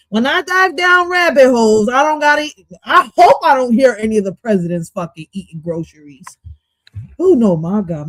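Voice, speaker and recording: A woman hosting a casual livestream, reacting to clips in a loud, profane, animated way and dropping in Spanish exclamations. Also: high voice, no room sound. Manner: loud, profane, animated, jumps between topics.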